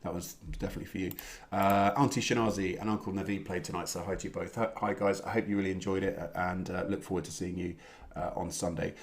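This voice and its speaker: A young man hosts a live online pub quiz, reading answers and then players' scores. His voice sits low, and he talks in a relaxed, rambling way, full of fillers. It sounds like a home computer mic. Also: quick pace. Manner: relaxed, chatty, many "uh" fillers. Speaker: quiz host. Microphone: home computer mic on a video stream.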